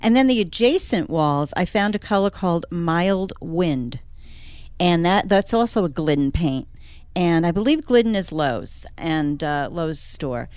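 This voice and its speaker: A woman's voice: lowish voice, animated, a little slow, darkish tone, clean tone, no echo. A woman who works as an interior designer, chatting casually and with enthusiasm as a regular on a talk show. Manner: chatty, enthusiastic, laughs often. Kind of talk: casual radio chat.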